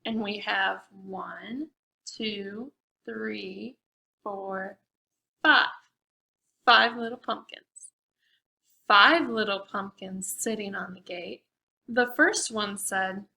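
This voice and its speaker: A woman librarian reading aloud at a preschool storytime, animated and asking the children questions. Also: mid-range voice, very slow, vocal fry, long pauses, low-quality recording.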